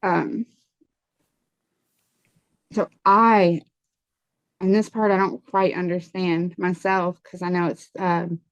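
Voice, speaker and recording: A woman telling a personal story in an interview, halting and full of fillers and restarts. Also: on the low side, flat delivery, smooth, no room sound, lo-fi sound. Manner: halting, many fillers and self-corrections. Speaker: guest sharing a near-death testimony.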